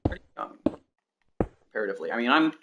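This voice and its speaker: Gravelly and quick, this early-twenties streamer's medium-pitched voice swings hugely in pitch as he plays a building game. He chats casually and rambles between tasks, thinking aloud and counting blocks under his breath. The recording carries noticeable clicks and background noise.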